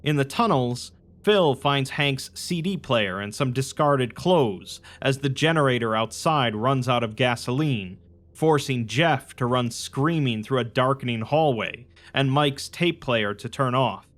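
A man giving a steady, matter-of-fact scripted narration that recaps a film's plot. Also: mid-range voice, measured pace. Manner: even, matter-of-fact retelling.

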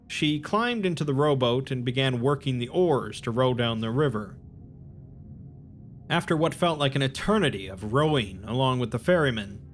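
A man narrating a summary of a story in a measured, plain storytelling manner. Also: medium pitch.

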